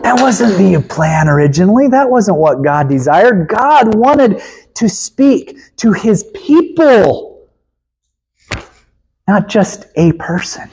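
Brief: male preacher, high-pitched, husky, emphatic, dropping to hushed tones. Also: sing-song, slow pace, long pauses. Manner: emphatic, swings from loud to hushed, chuckles. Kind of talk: sermon.

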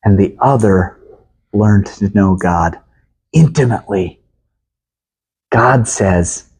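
A man preaching a sermon in an emphatic way, swinging from loud to hushed and chuckling at times. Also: on the low side, slow, long pauses, breathy edge.

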